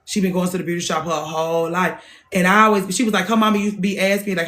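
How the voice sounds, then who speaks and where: A woman's voice: on the low side, little pitch movement, fast, fairly bright tone. A woman in her thirties, a hairstylist hosting a show, talking in a blunt, profane, casual monologue and repeating phrases for emphasis. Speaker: hairstylist and podcast host.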